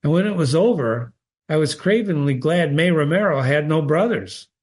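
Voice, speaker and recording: A man reading a short story aloud as the show's host, expressive and lifting his pitch on key words. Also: normal speed, slightly rough. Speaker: reader.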